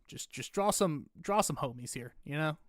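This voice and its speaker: A man's voice: fairly high pitch, normal speed, no echo, clean studio sound. Rambling, self-deprecating young man. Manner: rambling, self-deprecating, gets loud and animated when ranting. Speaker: streamer. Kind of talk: casual chat.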